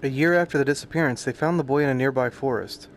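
A man's voice: medium pitch, fast, a little hiss or hum. A man streaming a game, reading its subtitles aloud and adding crude, joking commentary full of swearing. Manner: crude, joking, swears often, reacts loudly.

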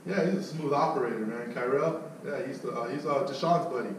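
A man leading his sales team in a loud, blunt, profane pep talk. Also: mid-range voice, brisk. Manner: loud, blunt, swearing, mocks others in put-on voices. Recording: echoey, distant mic with faint noise.

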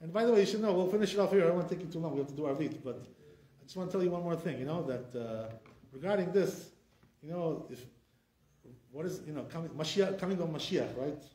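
A man's voice: a little high, quick pace, echoey room. A man, a rabbi teaching an informal Torah class with conviction and lots of fillers. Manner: animated, repetitive fillers, speaks with conviction.

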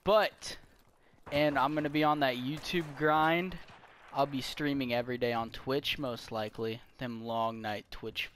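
A teenage guy chatting loosely about his summer plans, breaking off to curse at the match he's playing. His voice sits at a middle pitch. A faint hiss and distant game gunfire run underneath. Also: fairly even intonation, unhurried, a bit bright. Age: teens. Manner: rambling, swears at the game mid-sentence. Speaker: gaming YouTuber. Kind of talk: casual channel update while playing a shooter.

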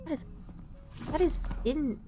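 A young woman in her twenties streaming gameplay, giggly and excitable, swearing freely as she comments. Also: high-pitched, a little slow, over music.

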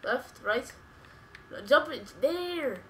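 A woman giving rapid, bossy directions to someone playing a game. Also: high-pitched, expressive, a bit bright, slight background noise. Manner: bossy, rapid-fire instructions. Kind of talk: casual let's-play chat.

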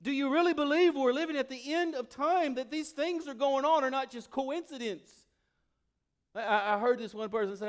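A male pastor preaching a sermon, animated, swinging from loud exclamations to quiet, intimate asides. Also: very high-pitched, normal speed, clean tone.

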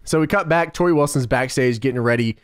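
A man's voice: mid-range voice, fast, clean tone, dry recording, clean studio sound. A man hosting a casual podcast chat, joking around and swearing freely. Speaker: podcast host.

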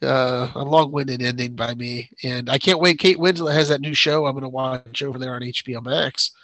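A man's voice: medium pitch, fairly even intonation, moderate pace, a bit bright, no room sound. A man co-hosting a show, chatting casually, rambling and laughing often. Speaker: podcast co-host. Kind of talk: casual chat.

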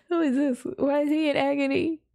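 A woman hosting a reaction video in casual commentary, laughing constantly and exclaiming in quick bursts. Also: sits high, steady tone, vocal fry, dark tone.

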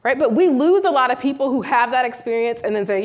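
A woman professor speaking on a live panel, an animated storyteller who keeps checking in with "right?". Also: high-pitched, fairly quick, hardly any pauses. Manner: animated storyteller who acts out quoted dialogue; frequent rhetorical "right?" tags.

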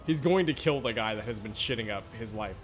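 A man's voice: lowish voice, lively intonation, brisk, faint music behind. A man co-hosting a casual gameplay commentary, rambling and swearing. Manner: rambling, swearing, laughs at jokes. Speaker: co-host of a gaming let's play.

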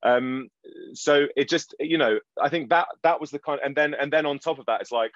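A man's voice: on the high side, normal speed, fairly bright tone, no echo. A man with a London English accent rambles through a panel answer with jokey self-deprecation. The sound is dry and a touch dull. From London, England. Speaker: actor and guest.

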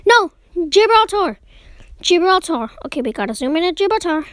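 A young woman giving casual commentary while playing a map-guessing game, excitedly talking to herself as she guesses. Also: very high-pitched, moderate pace, no echo, studio quality. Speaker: game player.

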